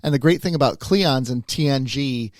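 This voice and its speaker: Male podcast co-host, middle pitch, dry close sound, rambling self-deprecating delivery. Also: a little fast, no echo. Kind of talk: casual chat.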